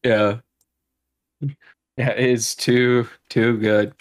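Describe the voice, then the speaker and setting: A young man as a podcast guest, relaxed and chatty, retelling jokes and quotes in a casual conversation. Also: medium pitch, drawn-out words, smooth. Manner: relaxed, chatty, recounts memes with quoted voices.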